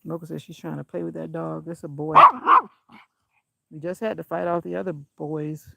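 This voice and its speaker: A woman's voice: low voice, steady tone, normal speed, vocal fry, warm tone, slight background noise. A woman vlogging casually while walking her dog outdoors on a country road, chatting and giving the dog firm commands. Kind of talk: casual walking vlog commentary.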